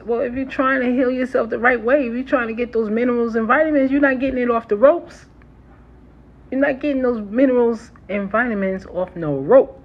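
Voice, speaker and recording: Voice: medium pitch, animated, brisk. A herbalist from New York with a New York accent, chatting casually on a phone live stream, laughing often and calling the viewers y'all. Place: city home near a train line. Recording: slightly muffled with faint city noise. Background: faint trains and street sounds.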